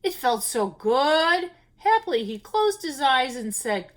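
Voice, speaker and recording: High, animated woman reading to children. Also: takes it slowly. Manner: expressive, with gasps and asides to children. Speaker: story time reader. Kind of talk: children's storybook read-aloud.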